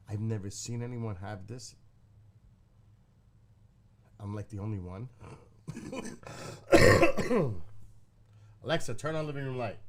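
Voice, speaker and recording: A man with a somewhat low voice talks to his live stream chat from his living room. He tells a rambling story in a casual, blunt way and swears freely. The talk is loose and unscripted. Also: slight background noise. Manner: profane, blunt, talking to chat.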